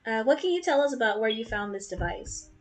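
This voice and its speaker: Girl reading as young huntress, quick and blunt, wants to get moving. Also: on the high side, expressive, natural voice. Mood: hurried.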